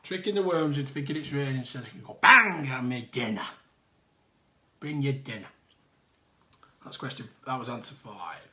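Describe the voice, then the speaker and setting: A man's voice: medium pitch, lively intonation, a little fast. A man hosting a live online quiz, reading out answers with jokey, chatty asides. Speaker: quiz host.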